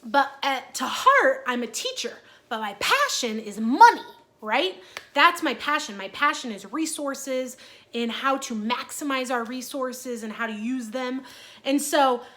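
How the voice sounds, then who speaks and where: A woman's voice: sits high, sharp tone. A woman in her thirties talking in a casual personal vlog, chatty and earnest with many fillers. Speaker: vlogger.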